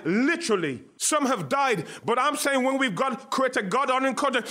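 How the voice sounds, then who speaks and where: A man preaching a sermon, exuberant, laughing and shouting Hallelujah. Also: very high voice, very animated, normal speed. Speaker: pastor and guest speaker.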